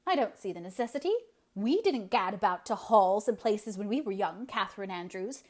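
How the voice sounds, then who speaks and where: A woman's voice: medium pitch, expressive, normal speed, darkish tone, natural voice. A woman reading aloud, voicing a grim, sour spinster in her late fifties who speaks with contempt. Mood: scornful. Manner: scornful, contemptuous.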